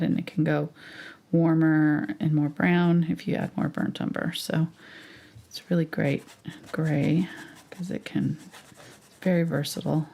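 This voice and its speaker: A woman teaching a live painting tutorial, chatty and thinking aloud as she works, sometimes dropping to a soft near-whisper. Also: low voice, creaky. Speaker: painting instructor.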